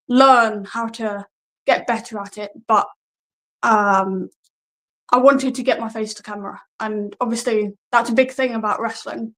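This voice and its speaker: A wrestler, talking in a casual, hesitant way and often laughing at herself. Her voice sits a little high for a woman. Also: fairly bright tone, rough recording. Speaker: guest wrestler. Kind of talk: casual interview answers.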